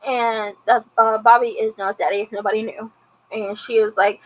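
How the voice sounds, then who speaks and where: A woman with a fairly high voice recaps a TV episode in loose, casual commentary. She retells it chattily and slips into the characters' lines as she goes. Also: steady tone, brisk, low-quality recording. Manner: chatty retelling with acted-out quotes. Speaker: TV episode reviewer.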